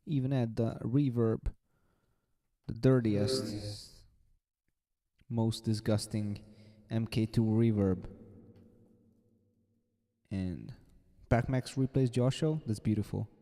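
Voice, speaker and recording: Creaky, slow-talking man judging live. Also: on the low side, dark tone, dry recording, clean studio sound. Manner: joking, swears, laughs often. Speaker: beatbox battle judge reacting to entries. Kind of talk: casual live reaction stream.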